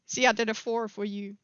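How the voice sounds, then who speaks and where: A woman's voice: medium pitch, a bit bright, clean tone, no room sound, lo-fi sound. A woman in her thirties from Africa, giving rambling, opinionated commentary on a live stream. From South Africa.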